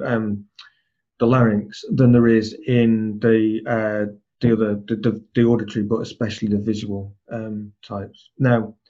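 A man teaching a group, explaining ideas and sometimes speeding up or slowing down to show a point. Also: medium pitch, dark tone. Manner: explanatory, varies pace to demonstrate points. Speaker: trainer. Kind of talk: lecture to a group. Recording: slightly dull, lo-fi.

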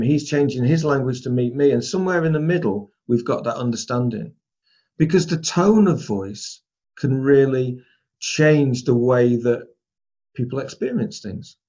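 A man's voice: mid-range voice, a little mellow. A man leading a training course, talking conversationally and addressing the group directly in a training room. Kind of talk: spoken training lesson. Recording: dull lo-fi recording.

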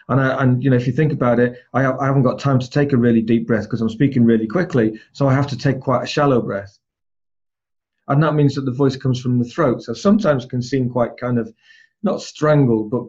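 A man teaching a group, explaining ideas and sometimes speeding up or slowing down to show a point. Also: medium pitch, darkish tone. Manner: explanatory, varies pace to demonstrate points. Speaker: trainer. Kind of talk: lecture to a group. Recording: slightly dull, lo-fi.

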